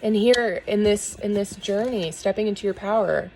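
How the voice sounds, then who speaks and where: A woman giving a spiritual tarot reading and talking earnestly to her viewers, soft and emotional, with small laughs. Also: mid-range voice, normal speed, slight background noise, poor audio. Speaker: tarot reader.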